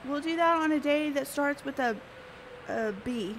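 A woman's voice: high voice, normal speed, noisy background. A woman live-streaming a game, chatting playfully with her viewers. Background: background music.

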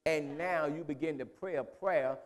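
A man's voice: fairly high pitch, normal speed. A male pastor preaching a sermon in a conversational, repetitive style.

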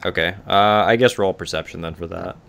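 A man's voice: deep voice, a little fast, vocal fry, a little hiss or hum. A man narrating as game master in a casual tabletop game, laughing often between lines.

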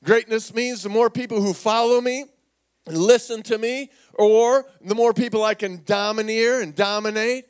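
A man pastor preaching a sermon in a church, animated and calling on the congregation to repeat words back. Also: high voice, normal speed, smooth. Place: church sanctuary.

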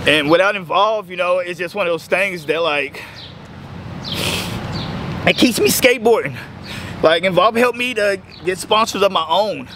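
A man in his thirties telling his recovery story emotionally, halting and choking up, with frequent restarts. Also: high-pitched. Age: 30s. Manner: halting, choked up, breaks off with restarts. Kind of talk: emotional personal testimony. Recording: outdoor street noise with passing cars.

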